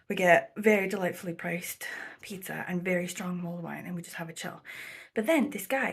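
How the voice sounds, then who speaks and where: Husky-voiced woman rambling through a story. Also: medium pitch. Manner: rambling, chatty, full of 'like' and 'um', slips into quoted voices; drops to a near whisper at times. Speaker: vlogger. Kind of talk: casual storytelling vlog.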